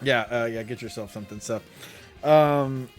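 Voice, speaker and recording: A man co-hosting a casual live podcast, animated and laughing as he rants. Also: mid-range voice, moderate pace, faint music behind. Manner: animated, laughing, mock announcer bits. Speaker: podcast co-host.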